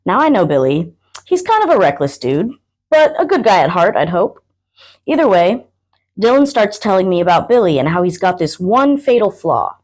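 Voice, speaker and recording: A woman's voice: mid-range voice, sing-song, moderate pace, a little mellow. Woman performing rhythmic spoken word poetry. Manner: rhythmic rhyming recital. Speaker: guest spoken word poet.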